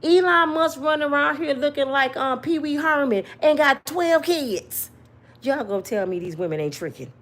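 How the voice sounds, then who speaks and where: A woman's voice: fairly high pitch, a bit bright. A woman giving an emphatic, slangy opinion rant to her viewers, full of rhetorical questions. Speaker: commentary vlogger.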